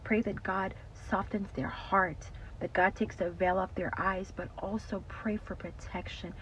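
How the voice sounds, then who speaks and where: A woman with a medium-pitched, steady, fairly bright voice speaks a little slowly, sharing an emotional faith testimony in casual talk. She is earnest, repeats herself, often calls listeners "y'all," and drops to a whisper at emotional moments. The lo-fi recording sounds slightly dull, with faint noise.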